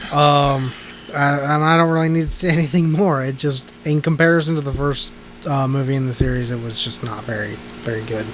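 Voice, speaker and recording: A man's voice: mid-range voice, slight background noise. A man co-hosting a casual movie podcast, rambling and restarting his sentences and laughing often. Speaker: podcast co-host. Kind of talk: casual movie review chat.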